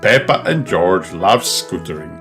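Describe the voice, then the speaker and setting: Slow, expressive male storybook reader. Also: sits low, over music. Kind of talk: children's book read aloud. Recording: steady background hiss.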